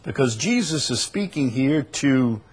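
A man's voice: medium pitch, animated, measured pace, slightly rough. A man preaching a sermon and reading scripture aloud, earnest and rising to emphasis on the verses.

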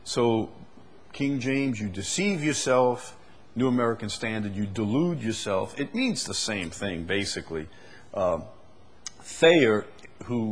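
Husky low-voiced guy preaching, gets loud and emphatic. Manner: emphatic, builds to loud forceful passages. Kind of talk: expository sermon.

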